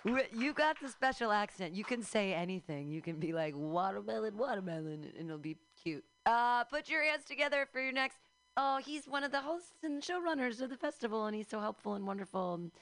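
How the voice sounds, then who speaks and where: Female comedy emcee, upbeat and playful, fairly high pitch. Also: big pitch swings, fairly quick, fairly bright tone, no room sound. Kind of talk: introducing comics. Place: comedy club stage.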